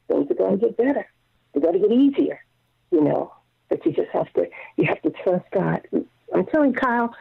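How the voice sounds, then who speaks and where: Older woman, singer guest, lively storyteller, husky voice, tinny dry phone line. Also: medium pitch, no room sound. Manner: animated storyteller, acts out quotes. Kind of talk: casual interview over the phone.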